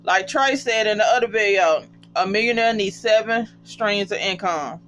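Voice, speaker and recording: A casual reality TV recapper talking straight to viewers, often breaking into high, cracking laughter. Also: normal speed, a bit bright. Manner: chatty, addresses viewers as y'all. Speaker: TV show recapper. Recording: dull lo-fi sound with faint hum.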